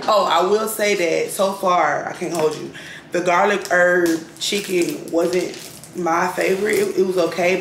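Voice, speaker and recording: Gravelly chatty woman vlogging. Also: lowish voice. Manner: chatty, rambling, talks to viewers as y'all. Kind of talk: casual vlog chat. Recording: echoey room with clear background noise.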